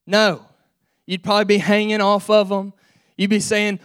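A man, an assistant pastor, preaching a sermon in an impassioned, shouting preacher's cadence. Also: high voice, level tone, unhurried, smooth.

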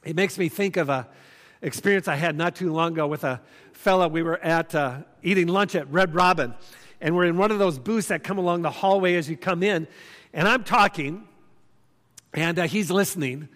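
A man's voice: fairly high pitch, moderate pace, a bit bright. A man in his fifties preaching a sermon, earnest and conversational, telling stories with emphatic repeats. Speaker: pastor. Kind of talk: sermon with storytelling. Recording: long hall reverb.

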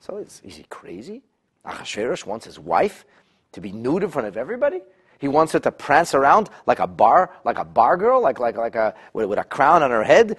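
A man teaching a Torah text study class, animated, with halting restarts and repeated words. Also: medium pitch, breathy edge. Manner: animated, rising to exclamations, voices the king in quotes.

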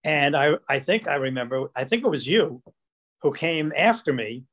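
A man's voice: fairly high pitch, moderate pace. An older man, a producer, telling stories casually and acting out what people said. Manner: animated, acts out quoted dialogue. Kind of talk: casual storytelling.

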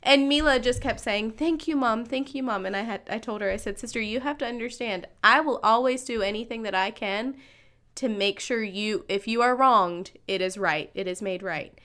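Podcast co-host, thirties woman; higher-pitched, tense bright tone, casual anecdote with quoted voices. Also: moderate pace, clear, resonant tone. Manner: conversational, acts out quoted voices. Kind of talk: casual storytelling chat.

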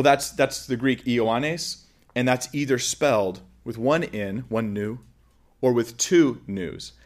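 A man giving an informal lecture, explaining with everyday examples in a conversational way. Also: medium pitch. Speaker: teacher.

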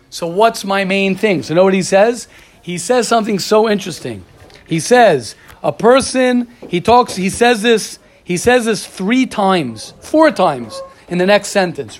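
Teaching a religious study class, a man with a voice that sits high takes his time, lecturing in a relaxed, animated style, sharing stories and addressing students by name.

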